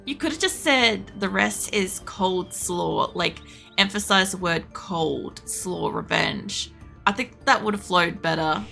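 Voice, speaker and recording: A woman streaming a video game, chatting in a rambling way, swearing freely and yelling at the game. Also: medium pitch, measured pace, gravelly, faint music behind. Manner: yells excitedly at the game. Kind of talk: casual live-stream chatter while gaming. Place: home room with air conditioning.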